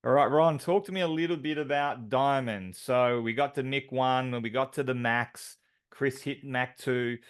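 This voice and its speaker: A man's voice: medium pitch, normal speed, clean tone. A man co-hosting a team call, announcing award winners with enthusiastic, filler-heavy talk.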